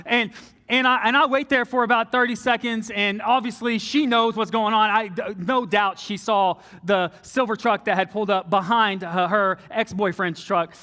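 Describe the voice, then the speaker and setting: A young man with a high, bright, forceful voice tells a story in a sermon. He is animated and often slips into a low, soft tone for quoted lines. His voice carries a long reverb from a large hall.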